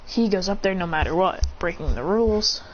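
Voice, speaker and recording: A woman's voice: fairly low pitch, animated, fairly quick. A woman narrating a made-up fan story on the spot, rambling with frequent restarts. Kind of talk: improvised fan-fiction narration. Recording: slightly muffled with faint hiss.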